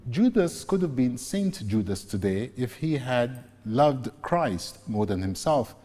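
A man preaching a sermon, slowly and deliberately retelling scripture scenes. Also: mid-range voice, sing-song, dark tone. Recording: long reverb, echoey hall.

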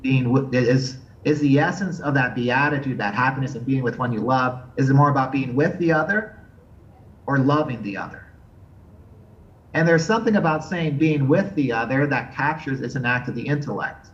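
A theology teacher delivers an unscripted lecture, earnest and thoughtful, pausing often and restarting as he hunts for the right words. His voice is medium-pitched and the sound quality is lo-fi.

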